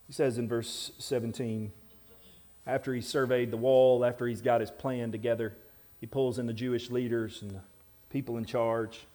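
A man preaching a sermon to a congregation. He swings between loud, emphatic passages and quiet, intense ones, with wry asides to the listeners. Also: medium pitch, flat delivery, moderate pace. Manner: self-deprecating asides to the congregation. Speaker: pastor.

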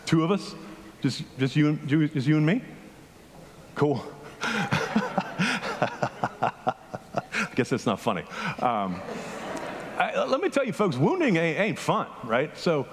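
A man's voice: fairly high pitch, big pitch swings, takes it slowly, pauses often, big-room sound. A man preaching a casual, story-driven sermon, often asking the congregation questions. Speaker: pastor. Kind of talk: conversational sermon. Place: church hall with a congregation.

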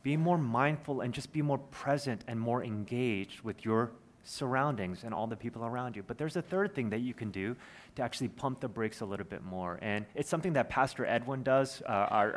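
A man's voice: medium pitch, fairly quick. A man, preaching a sermon in an earnest, conversational way with personal stories. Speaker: pastor.

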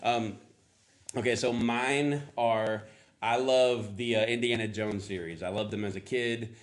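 A man's voice: lowish voice, steady tone, a little slow. A middle-aged man preaching a casual sermon, rambling and chatty as he coaxes answers from the congregation. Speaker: pastor.

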